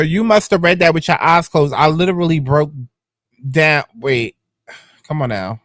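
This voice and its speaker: A man reads out text messages and reacts to them with sarcastic, slangy commentary. His voice sits a little high for a man. The sound is close and dry, with no room echo. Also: a little slow, long pauses, fairly bright tone. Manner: sassy, slangy, sarcastic asides. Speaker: commentary channel host.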